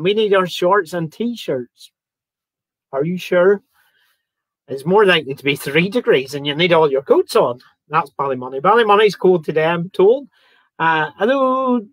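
A man's voice: sits high, fairly bright tone, dry recording. A man hosting a live online quiz, chatting with viewers and joking between questions. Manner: chatty, reads out viewer comments and jokes around. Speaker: quiz host. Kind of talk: live-streamed quiz chat.

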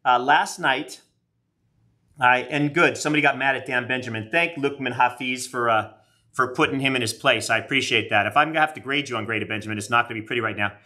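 Middle-aged male streamer, bright tone, chatty and self-deprecating, a bit winded. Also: mid-range voice, quick pace. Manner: rambling, self-mocking, chatty with viewers. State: out of breath. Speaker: card collector streaming live. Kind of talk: casual live-stream chat.

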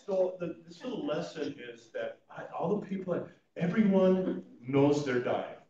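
A man who is a chaplain and funeral planning consultant, telling stories to a class in an animated, informal way and laughing at his own stories. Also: on the high side, unhurried, very noisy. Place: church meeting room. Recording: echoey room, mic at a distance, dull sound.

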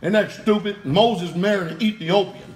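Fiery, high-voiced male preacher. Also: fairly even intonation, normal speed, slight background noise. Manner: heated and blunt, with rhetorical questions; curses freely.

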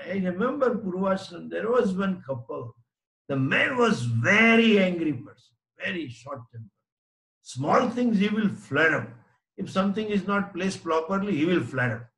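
A man's voice: sits high, fairly bright tone, roomy sound, low-quality recording. A man, a swami giving a Vedanta lecture to a class, explaining by repeating and rephrasing points with homely examples. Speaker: swami, spiritual teacher.

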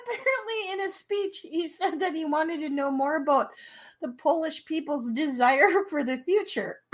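A woman's voice: high-pitched, lively intonation, unhurried. A woman hosting a casual chat show, telling a story while laughing through her words. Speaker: podcast host.

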